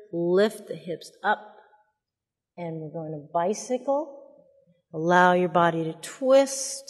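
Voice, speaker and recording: A woman leading a mother and baby yoga class, giving gentle, soothing cues and cooing at the babies. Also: lowish voice, big-room sound. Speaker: yoga instructor. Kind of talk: guided yoga class instruction.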